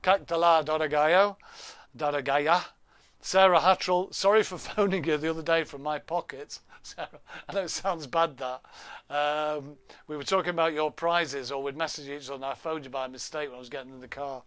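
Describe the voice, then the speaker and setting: A man's voice: a little high, steady tone, normal speed, fairly bright tone, clear, resonant tone, no room sound. A man hosting a casual live stream from home, joking, laughing and reading out viewer names and comments. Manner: chatty, jokey, reads out viewer names, laughs often. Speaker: livestream host. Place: home room. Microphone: laptop webcam.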